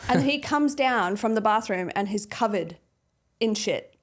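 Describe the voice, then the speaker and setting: A woman's voice: mid-range voice, animated. A woman co-hosting a podcast, reading quiz questions and retelling stories in casual chat, laughing as she goes. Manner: laughing, reads questions haltingly. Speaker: podcast co-host.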